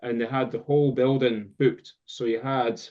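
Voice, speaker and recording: A Scottish man, a guest drum teacher, telling a long story in casual chat, rambling with many pauses and fillers. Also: mid-range voice, steady tone, darkish tone. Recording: dull lo-fi sound.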